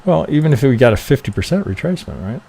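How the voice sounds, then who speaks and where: A man's voice: medium pitch, sing-song, quick pace, gravelly, warm tone, slightly rough. A man reviewing trading charts on a live stream, thinking aloud casually, swearing freely and checking in with "right?" after nearly every point.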